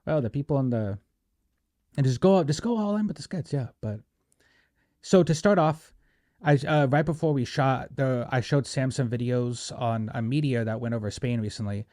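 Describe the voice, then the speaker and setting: A man's voice: mid-range voice, moderate pace, a little mellow, no room sound, clean studio sound. A man hosting a casual podcast, rambling and joking with lots of fillers. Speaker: podcast host.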